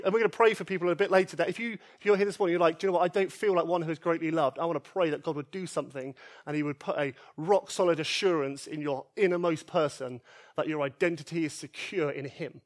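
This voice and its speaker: A man preaching a sermon in church, earnest and emphatic, repeating key phrases and swinging from loud pleas to soft, quiet lines. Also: sits high, fast. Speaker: pastor. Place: church service.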